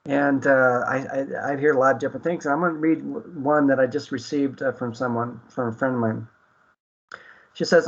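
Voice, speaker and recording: A man's voice: medium pitch, fairly even intonation, a little fast, gravelly, lo-fi sound. A man hosting an internet radio talk show, speaking earnestly with many fillers and restarts.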